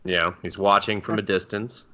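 A man's voice: fairly low pitch, moderate pace. A man co-hosting a podcast in casual chat, recapping a show, laughing, swearing and acting out quoted characters. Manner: animated, playfully acts out quoted characters, swears and laughs often. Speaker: podcast co-host.

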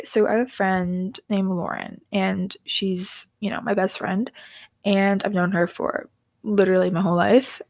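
Giggly young woman with gravelly creak. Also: mid-range voice, no echo, clean studio sound. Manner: rambling, drifts into soft whispers; giggly, apologetic asides. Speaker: podcast host. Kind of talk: casual storytelling podcast.

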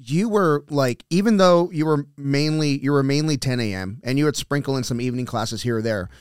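A man in a mid-range voice hosting a podcast, easygoing and encouraging as he chats with his guest. His tone is clean and smooth, and the sound is close and dry with no room around it. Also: medium pitch, a little fast, no echo. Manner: relaxed, filler-heavy, encouraging. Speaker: podcast host. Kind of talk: casual interview chat.

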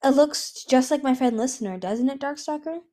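A kind young female dragon, read by a woman with a gentle, teasing way of speaking. She stays close to the reader's natural voice, soft and fond. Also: sits high, normal speed, pitched above the performer's own voice, close to an everyday voice.

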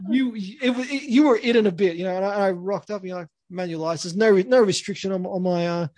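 Young Aussie bloke, high voice, dry close sound, chatty rambling host. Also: male voice, fast talker, darkish tone, dry recording. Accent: Australian. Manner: rambling, many restarts and laughs. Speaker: podcast co-host. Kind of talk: casual storytelling.

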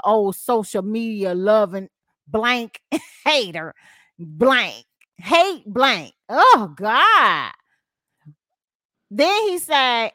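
A woman's voice: fairly high pitch, expressive, takes it slowly, fairly bright tone, dry recording, studio quality. Bubbly gossip-show host woman. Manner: reacts with sighs and laughs, reads posts aloud with censored words. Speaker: podcast host. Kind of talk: casual gossip chat.

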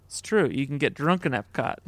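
Gravelly, lively podcast co-host. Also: medium pitch, no room sound. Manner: chatty, rambling, many "like" fillers. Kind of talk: casual podcast chat.

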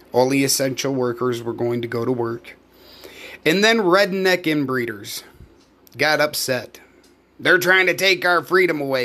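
In a medium-pitched voice with a fairly bright tone, a US podcast host and live performer goes off on his own in a heated, profane rant, clearly angry.

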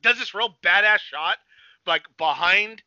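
A young man chatting on a podcast, excitable and swearing a lot, acting out scenes with sudden shouts. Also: high voice, measured pace, dry recording, lo-fi sound. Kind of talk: excited casual chat.

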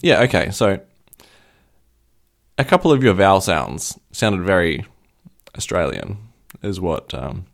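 Low gravelly man, analytical chat. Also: very animated, unhurried, pauses often. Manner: probing, analytical questioning. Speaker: podcast co-host. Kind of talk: casual chat.

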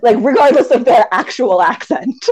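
A woman's voice: fairly high pitch, unhurried, noisy background. A woman from the United States chatting casually, explaining things with lots of fillers and frequent laughs. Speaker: fanfiction writer. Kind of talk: casual chat.

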